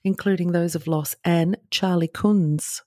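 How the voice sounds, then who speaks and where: A woman's voice: on the low side, fairly even intonation, a little slow, a little mellow, dry recording, clean studio sound. A woman co-hosting a casual podcast, chatting and reading history notes aloud in a chatty, joking way. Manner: chatty, laughs, breaks into jokey voices. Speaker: podcast co-host.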